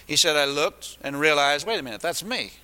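A man's voice: a little high, lively intonation, fairly quick, sharp tone, clean tone. A man preaching a sermon, retelling a story with many restarts and asides. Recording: echoey hall.

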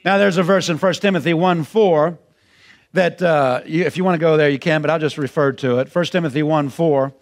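A man preaching with a high voice. He talks in a folksy, repeating style and climbs toward ringing, shouted emphasis. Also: brisk. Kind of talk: sermon.

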